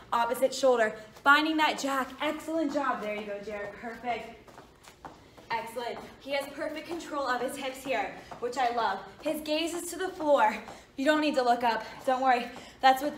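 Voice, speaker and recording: Breathless high-voiced female fitness coach. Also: a bit bright, slight background noise. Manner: encouraging, form cues, short of breath. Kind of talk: workout instruction. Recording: echoey room, mic at a distance.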